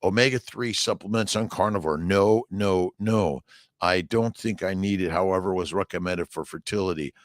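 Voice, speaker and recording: A middle-aged doctor from Southern California chats casually on a morning livestream in a low-pitched voice at a moderate pace, with no room sound. He answers viewer comments in a rambling, upbeat, motivational way.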